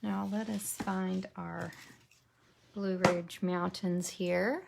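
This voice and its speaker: Slow gravelly woman teaching crafts. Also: on the low side, steady tone, very noisy. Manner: chatty, thinks aloud while working, drops to a whisper while concentrating. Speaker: papercraft demonstrator. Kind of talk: casual crafting tutorial.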